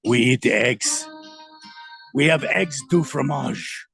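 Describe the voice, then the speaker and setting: A man's voice: medium pitch, animated, a little fast, gravelly, music in the background. A man voicing a snooty Frenchman who mocks Americans in an exaggerated French accent. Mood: mocking, taunting. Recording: dry studio sound.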